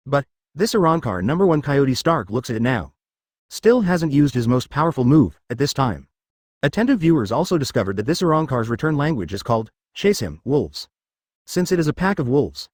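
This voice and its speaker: A man narrating a fan-made story in scripted narration, with a steady reading manner. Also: medium pitch, no echo, clean studio sound.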